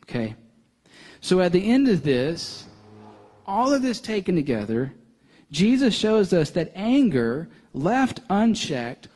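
A young male pastor preaching a sermon, earnest, building to intense emphasis and then dropping soft. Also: high voice, very animated, takes it slowly.

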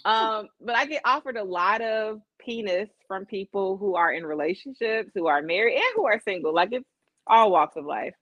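A woman's voice: mid-range voice, normal speed, fairly bright tone, no echo, highs cut off. A woman co-hosting a podcast, chatting casually in a candid, self-deprecating way. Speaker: podcast co-host. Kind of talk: casual chat.

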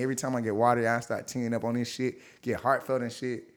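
A man co-hosting a podcast, talking casually in an animated way and swearing freely. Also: mid-range voice, very fast. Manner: animated and profane. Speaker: podcast co-host. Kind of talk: casual chat.

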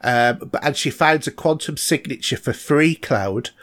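A man's voice: mid-range voice, unhurried, fairly bright tone, dry recording, studio quality. A man with an English accent, co-hosting a podcast and casually recapping a TV episode, chatty and hesitant with lots of fillers. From England. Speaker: podcast co-host.

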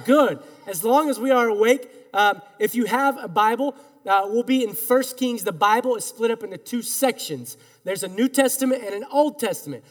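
A male pastor with an unusually high voice delivers an earnest, emphatic sermon. He leads his congregation in call-and-response. His words ring with the long reverb of a large church hall. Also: normal speed. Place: church sanctuary.

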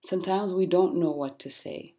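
A woman hosting a podcast, talking straight to listeners with blunt, animated, faith-based encouragement. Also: fairly low pitch, normal speed. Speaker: podcast host. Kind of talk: casual motivational monologue.

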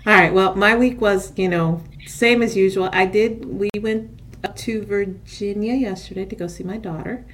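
A woman's voice: medium pitch, steady tone, moderate pace, few pauses, a bit bright, a little hiss or hum. A middle-aged woman co-hosting a casual chat, talking in a rambling, hesitant way full of fillers. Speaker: co-host.

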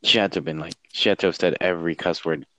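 A man's voice: low-pitched, fairly even intonation, very fast, a bit bright. A young adult man chatting casually, hesitant and full of fillers. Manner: hesitant, many fillers and restarts. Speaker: streamer. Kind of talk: casual chat.

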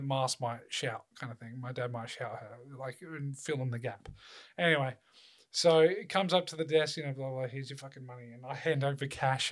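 A young man on a casual podcast, telling a childhood story with animated, sweary outbursts and teasing asides. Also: medium pitch. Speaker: podcast co-host.

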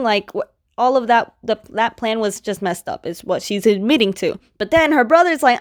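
A woman's voice: fairly high pitch, moderate pace. Chatty woman retelling a comic plot. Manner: chatty, full of "like" fillers. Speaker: reviewer retelling a story. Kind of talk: casual comic book recap.

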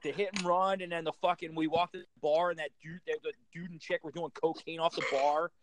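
Halting, profane male coach, dry sound. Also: on the high side, little pitch movement, dry recording. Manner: profane, halting, restarts often. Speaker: hockey coach. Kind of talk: casual storytelling chat.

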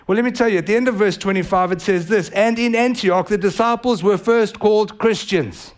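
High-voiced pastor preaching with rising fervor. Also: male voice, fairly even intonation, quick pace, hardly any pauses. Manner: storytelling, rising to fervent preaching. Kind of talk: sermon. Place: church sanctuary.

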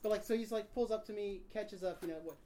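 Fast-talking young man telling a wild story. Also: high voice. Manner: animated, swearing, acts out quoted voices. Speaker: podcast guest. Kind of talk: casual storytelling among friends.

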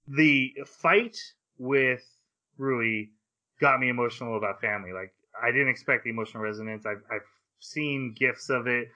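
A man's voice: mid-range voice, dull audio. A man on a podcast, casually recapping an anime and acting out the characters' lines as he goes. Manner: animated retelling, acts out characters' lines. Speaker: podcast host.

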